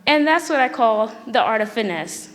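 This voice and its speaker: A woman's voice: on the high side, expressive, normal speed, fairly bright tone. A young woman giving a casual, comic student talk on a school theater stage, acting out quoted dialogue. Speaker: student speaker. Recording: echoey auditorium.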